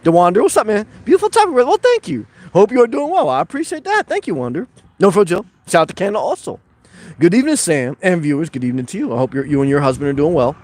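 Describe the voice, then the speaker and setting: Fast-talking rambling man. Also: high voice, big pitch swings, a little mellow, dry recording. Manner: rambling storytelling with frequent "okay?" and restarts. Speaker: channel host reading viewer comments. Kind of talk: casual livestream chat.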